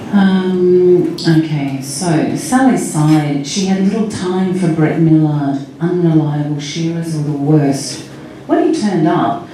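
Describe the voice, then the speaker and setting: Woman author, mellow low voice, reading her book. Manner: joking asides, then steady reading. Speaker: crime writer. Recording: echoey room, distant mic, faint noise.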